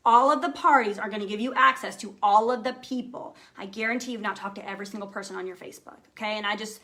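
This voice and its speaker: A woman's voice: mid-range voice, quick pace, pushed and bright. A young adult woman giving an emphatic, upbeat motivational live talk to her sales team, often checking in with "okay?" and "right?".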